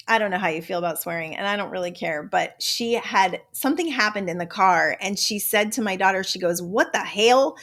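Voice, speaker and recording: Hosting her motivational self-help podcast, this older woman speaks with a medium pitch and a fairly bright tone. She's forceful and plainspoken, cursing offhandedly and now and again slipping into a playful Southern drawl for laughs.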